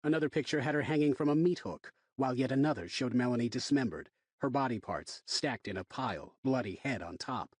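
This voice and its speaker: Male audiobook narrator, tense and expressive, husky, dry booth sound. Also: medium pitch, fairly quick, few pauses, no echo. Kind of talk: first-person audiobook narration.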